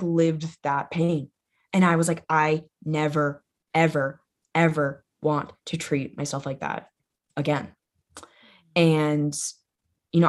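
A young woman talking as a podcast guest in a casual conversation. She is loud, playful and blunt, fills her talk with "like" and swears freely. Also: sits low. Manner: chatty, says "like" constantly, swears freely.

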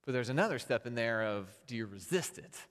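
Pastor preaching in a reverberant church. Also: male voice, mid-range voice, animated, brisk, fairly bright tone. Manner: conversational, builds to emphatic peaks. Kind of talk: sermon. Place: church sanctuary. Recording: long hall reverb.

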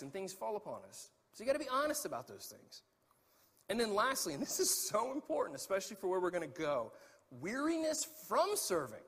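A man preaching in a church with a husky voice that swoops up and down with animated energy. He calls out to the congregation as he goes, and his voice carries a long echo from the hall around him. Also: sits high. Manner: lively preaching with asides to the congregation. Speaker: pastor. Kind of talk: sermon. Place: church sanctuary. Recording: echoey hall.

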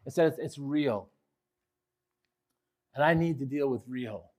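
A male pastor preaching a sermon, swinging from quiet reflection to loud, impassioned pleading. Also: unhurried. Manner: impassioned preaching, rising loud when voicing the psalmist; drops low and quiet on reflective points.

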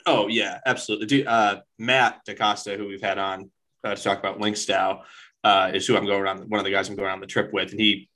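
A man with a somewhat low voice co-hosts a casual podcast. He talks in a brash, profane way and is quick to banter. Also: little pitch movement, pushed and bright, poor audio. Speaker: podcast co-host. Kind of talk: casual chat.

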